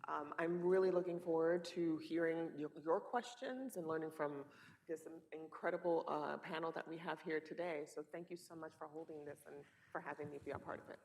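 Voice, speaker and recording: A woman's voice: low voice, brisk, a little mellow, recorded from a distance, slight background noise. A woman speaking as a panelist at a conference, with frequent fillers and self-corrections. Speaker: panelist, outreach director. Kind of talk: panel discussion.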